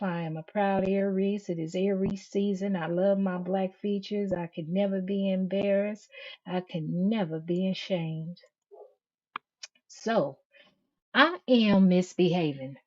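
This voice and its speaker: A woman's voice: mid-range voice, a little mellow. A woman hosting a live stream, reading viewers' comments aloud and answering them in a sassy, emphatic way. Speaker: channel host. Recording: dull lo-fi stream audio.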